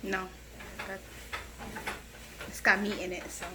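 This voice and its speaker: Bright-voiced woman in an echoey kitchen. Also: mid-range voice, little pitch movement, slow, a little hiss or hum. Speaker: camera operator and friend. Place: home kitchen. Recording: echoey kitchen, music behind.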